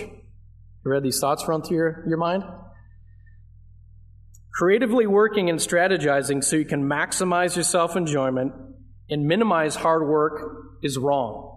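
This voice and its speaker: Casting: man, fairly high voice, pastor delivering a sermon, chatty and emphatic. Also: unhurried, long pauses. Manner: conversational, asks the congregation questions; emphatic, leans on key phrases.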